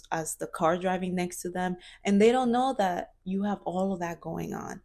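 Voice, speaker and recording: A woman in her twenties speaks earnestly in a reflective personal vlog, her voice fairly low and warm. She searches for words, using fillers and restarting her sentences.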